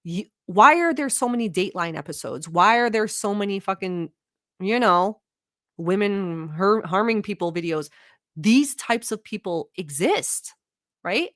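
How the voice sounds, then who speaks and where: A woman's voice: medium pitch, measured pace, dry recording, clean studio sound. Blunt, swearing woman reacting to a video. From Middle East. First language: not English. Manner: blunt, profane, animated. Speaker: vlog host. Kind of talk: reaction commentary.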